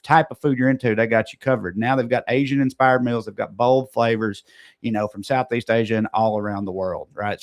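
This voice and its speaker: Man, podcast co-host, casual ad read, joking asides, average pitch. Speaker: podcast co-host reading sponsor ads.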